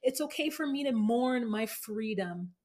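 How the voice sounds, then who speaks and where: Sex: woman. Figure: woman doing a self-justifying, aggrieved wife. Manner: defensive, listing complaints. Pitch: fairly high. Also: animated, unhurried, darkish tone. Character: aggrieved wife mourning her freer old life.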